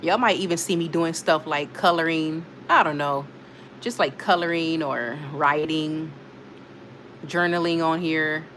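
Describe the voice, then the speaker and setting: A woman's voice: low-pitched, unhurried, fairly bright tone, a little hiss or hum. A woman hosting a casual live stream, chatting and laughing as she reads out comments from her viewers. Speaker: livestream host reading chat.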